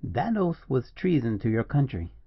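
A man's voice: mid-range voice, sing-song, normal speed, husky, no echo, lo-fi sound. A man voicing a cold, stern general who questions prisoners with harsh commands.

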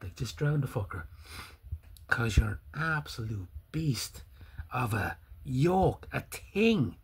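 A young Irish man rants in a husky, slightly breathy voice at an ordinary pitch for a man. He piles on profane insults with open scorn and breaks into loud laughing fits. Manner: angry, sweary, scornful insults. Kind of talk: profane ranting commentary.

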